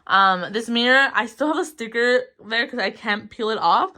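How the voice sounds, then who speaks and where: This vlogger, a woman in her twenties, speaks on the high side at a moderate pace with a sharp tone. She's a bit out of breath as she casually tours her small bedroom, rambling, giggling frequently, and leaning on ums and likes.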